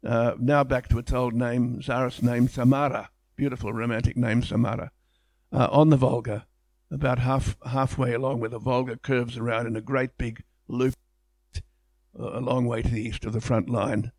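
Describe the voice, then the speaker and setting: A man's voice: medium pitch, little pitch movement, moderate pace, darkish tone, dry recording. Enthusiastic male lecturer, dry sound. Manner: enthusiastic, conversational, with frequent restarts. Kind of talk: illustrated public lecture.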